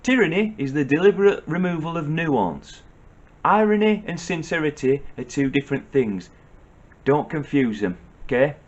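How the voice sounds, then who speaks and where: A man's voice: a little high, expressive, moderate pace, dull audio. A middle-aged man with a Northern English accent, giving a blunt, sardonic comic advice monologue in a lecturing tone. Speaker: comedian.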